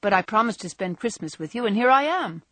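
A woman's voice: mid-range voice, animated, fairly quick, a bit bright, no echo, studio quality, pitched above the performer's own voice. A woman reading aloud, voicing an easygoing young man in an offhand, casual way.

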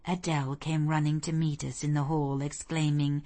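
Woman narrating a classic novel, measured. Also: low voice. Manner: measured, expressive storytelling. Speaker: audiobook narrator.

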